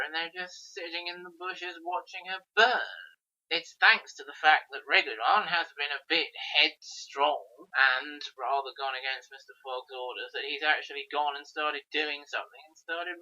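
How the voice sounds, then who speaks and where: A woman co-hosting a podcast, explaining plot points at length in a measured way. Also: deep voice, bright, forceful tone. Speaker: podcast co-host. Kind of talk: casual chat about old TV. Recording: slightly muffled podcast audio.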